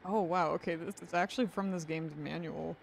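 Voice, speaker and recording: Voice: medium pitch, steady tone, brisk, creaky, a little hiss or hum. A tired game streamer chatting casually while playing, rambling and apologizing for tripping over words. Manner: rambling and apologetic, frequent restarts. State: tired after a long day. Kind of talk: casual gameplay commentary.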